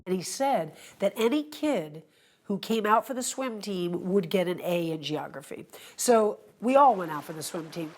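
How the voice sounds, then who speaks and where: A woman in her sixties telling stories from her life in an unhurried, reflective documentary interview. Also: medium pitch, lively intonation. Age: 60s. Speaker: documentary subject. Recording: guitar music playing underneath.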